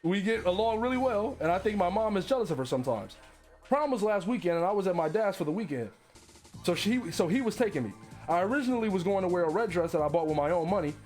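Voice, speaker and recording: A man's voice: high voice, lively intonation, quick pace, darkish tone, faint music behind. A man streaming his reactions to online posts, reading them aloud with profane, incredulous commentary and frequent laughter.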